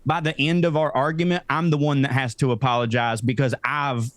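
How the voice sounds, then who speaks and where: A man's voice: mid-range voice, fairly even intonation, fairly quick, no room sound. A man co-hosting a podcast in casual, self-deprecating chat, swearing casually. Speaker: podcast co-host.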